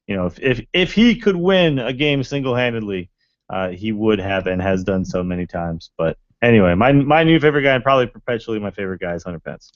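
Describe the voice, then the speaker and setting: A man's voice: lowish voice, animated, fast, no echo, muffled recording. A man co-hosting a podcast, talking in a casual, enthusiastic and rambling way with lots of fillers. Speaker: podcast co-host. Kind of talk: casual sports chat.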